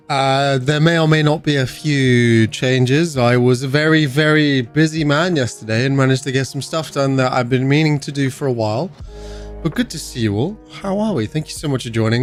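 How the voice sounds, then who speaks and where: Young british guy streaming from his bedroom, upbeat and chatty, kinda high voice, bit of quiet music behind. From United Kingdom. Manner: upbeat and chatty, greeting viewers by name. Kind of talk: casual livestream chat.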